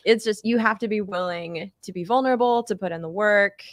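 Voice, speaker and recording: A woman's voice: mid-range voice, fairly quick, no echo, studio quality. A woman in her twenties, a singer-songwriter being interviewed, chatting casually with lots of "like" and "you know". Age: 20s. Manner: relaxed, fillers like "like" and "you know", laughs easily.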